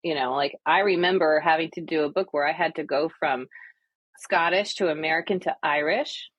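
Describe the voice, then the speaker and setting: Woman, podcast co-host, casual chat, husky, dry close sound. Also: sits low, moderate pace, no room sound, dull audio. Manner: chatty, animated, frequent agreeing fillers. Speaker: podcast co-host, audiobook narrator.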